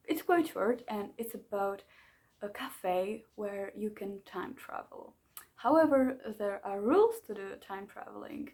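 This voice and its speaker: A woman chatting casually about books she read, animated and full of fillers and little laughs. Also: on the high side. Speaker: book vlogger. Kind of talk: casual book review chat.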